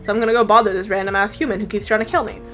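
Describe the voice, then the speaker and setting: A woman voicing a mischievous, soft-hearted male cockroach in a comic story, with quick mumbled asides. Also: medium pitch, fairly even intonation, soft background music, close to an everyday voice.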